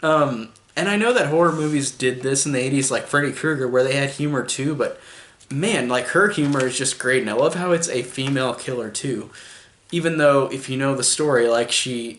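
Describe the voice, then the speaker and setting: A man talks through a movie review in a loose, rambling way, filling his sentences with "like" and restarting them. His voice sits at an ordinary middle pitch. The room around him is roomy and echoing. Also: moderate pace, fairly bright tone. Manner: rambling, full of "like" and restarts, chuckling. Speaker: film reviewer. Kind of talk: casual spoken movie review. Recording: echoey room.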